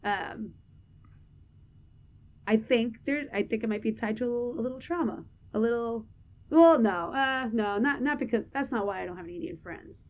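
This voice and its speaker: A young adult woman with a fairly high voice co-hosts a podcast, chatting candidly at a moderate pace. She rambles loosely with many fillers and "like"s and laughs often. The audio sounds dull.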